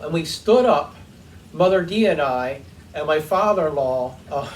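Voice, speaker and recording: In his home workshop, a man with a slightly high voice tells a heartfelt, rambling story full of ums while cleaning something, never rushing. He runs his own workshop channel, and the distant mic picks up faint room noise.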